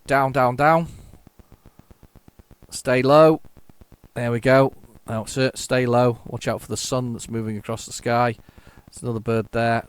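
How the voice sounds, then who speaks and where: A man's voice: mid-range voice, clear, resonant tone. A man hosting a retro gaming video, chatting casually and rambling through his commentary with many fillers and restarts.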